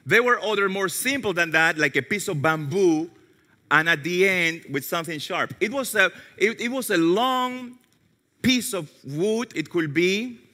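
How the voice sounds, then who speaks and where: A male pastor preaching a sermon with animated storytelling and self-mocking humor, sometimes dropping to a hushed low voice. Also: a little slow. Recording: long reverb of a large hall.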